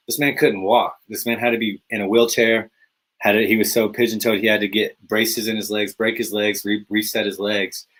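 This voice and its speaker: A man's voice: lowish voice, low-quality recording. A man hosting a live fantasy football podcast, talking casually and with energy, peppering his lines with "man" and "baby". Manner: energetic, hype, repetitive "man" and "baby" fillers. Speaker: podcast host.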